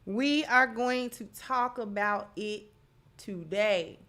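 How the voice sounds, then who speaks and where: A woman's voice: medium pitch, slow, fairly bright tone. A woman hosts a live stream in a chatty, emphatic way, greeting viewers one by one. Her nose is stuffy from allergies, which gives her voice a blocked, congested sound. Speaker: channel host. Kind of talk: live-stream talk, reading viewer comments.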